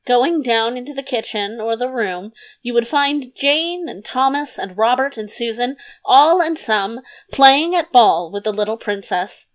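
A woman's voice: on the high side, animated, unhurried, few pauses. Woman reading a fairy tale aloud. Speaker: audiobook narrator. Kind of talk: storybook narration.

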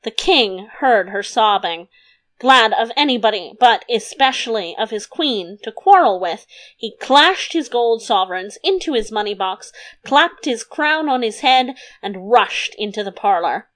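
A woman narrating a fairy tale in a gentle, even reading voice. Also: on the high side, a little slow. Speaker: audiobook narrator. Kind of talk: storybook narration.

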